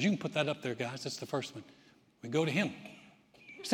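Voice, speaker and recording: A middle-aged man preaching a sermon in a folksy, conversational way, telling stories with lively emphasis. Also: fairly high pitch, brisk, big-room sound. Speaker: pastor.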